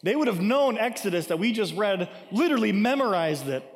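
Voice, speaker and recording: A man with a high-pitched voice gives a sermon in a casual, conversational way. He reads scripture aloud and then explains it, often asking "right?" His voice rings with a long hall echo. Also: big pitch swings, fairly quick. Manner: conversational, frequent "right?" asides. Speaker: preacher.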